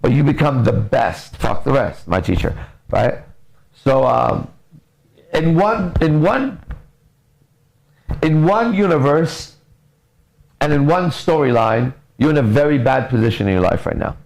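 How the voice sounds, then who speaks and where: A man's voice: mid-range voice, unhurried, vocal fry, long pauses, low-quality recording. A man coaching on relationships in a blunt, profane, casual podcast talk. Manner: blunt, profane, lively storytelling.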